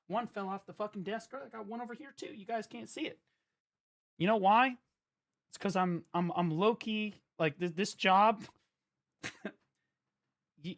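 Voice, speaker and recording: A man streaming live in a casual, profane rant, jumping from loud outbursts to low mutters.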